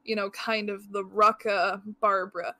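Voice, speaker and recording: A woman's voice: mid-range voice, little pitch movement, normal speed, bright, forceful tone. A woman with a stuffed-up nose co-hosting a casual film review podcast, talking fluently and with enthusiasm. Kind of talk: casual movie review chat.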